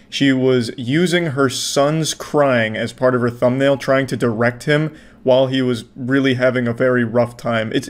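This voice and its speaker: A man hosting a commentary video, speaking in a deadpan, mocking way and swearing freely. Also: mid-range voice. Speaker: commentary host.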